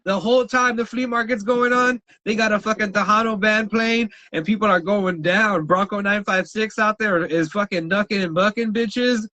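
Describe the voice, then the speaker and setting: Podcast host from South Texas, male, high and bright, profane and ranting, dry close mic. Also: normal speed, hardly any pauses, dry recording. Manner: profane, ranting, laughs often. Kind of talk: casual podcast chat.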